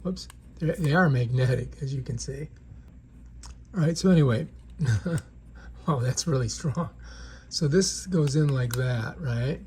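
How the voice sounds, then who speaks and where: Indoors, a product reviewer gives a casual, chatty demo, constantly checking in with the viewer by asking "right?". His voice is medium-pitched and darkish, unhurried with frequent pauses, over a slight hiss or hum.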